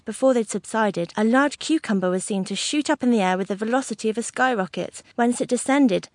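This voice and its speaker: A woman narrating a classic novel in a measured, even way. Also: mid-range voice, no echo, clean studio sound. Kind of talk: audiobook narration.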